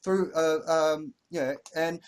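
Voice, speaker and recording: A man's voice: fairly high pitch, steady tone, slow, darkish tone. Rambling Australian male interview host. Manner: rambling, many fillers, laughs easily. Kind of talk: casual interview chat.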